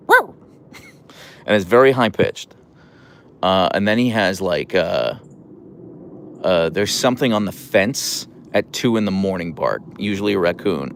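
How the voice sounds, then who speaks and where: A man chatting casually on a live stream about his dog, rambling and self-deprecating. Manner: high cooing baby talk to his dog.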